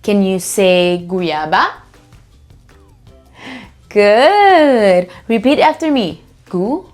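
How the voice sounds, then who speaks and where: A woman teaching vocabulary to toddlers, prompting children to repeat each word slowly after her. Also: mid-range voice, lively intonation, faint music behind.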